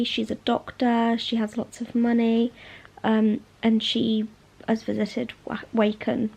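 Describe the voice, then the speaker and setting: A woman's voice: on the high side, mellow. A young woman chatting casually about books in a reading vlog at home, gushing and full of fillers. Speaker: book vlogger.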